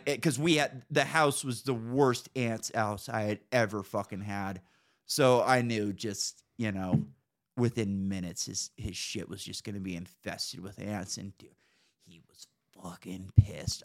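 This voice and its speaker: A man hosting a podcast, telling stories in a casual, animated and profane way. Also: on the low side, a little slow. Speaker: podcast host. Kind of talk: casual storytelling chat.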